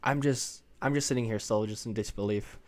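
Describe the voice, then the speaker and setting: A young man hosting a podcast from his room at home, talking in a rambling, hesitant way with a self-described monotone delivery. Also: fairly low pitch, fairly quick, no echo. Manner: rambling and hesitant, many fillers and restarts; self-conscious, says his voice sounds monotone. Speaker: podcast host. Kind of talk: casual solo podcast monologue. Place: home room with parents down the hallway.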